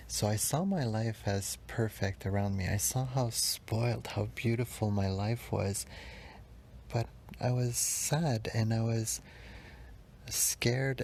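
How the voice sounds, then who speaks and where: A man speaks low and gravelly, recounting his own life with halting emotion, often restarting and slipping into a whisper. Faint noise sits under his voice. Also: darkish tone. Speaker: podcast host. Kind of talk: personal confessional storytelling.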